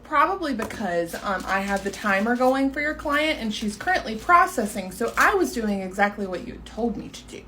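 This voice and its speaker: Sassy young woman in a comedy skit, sarcastic, kinda high voice, faint hiss behind. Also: expressive, moderate pace, few pauses, sharp tone. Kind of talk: comedy sketch about workplace.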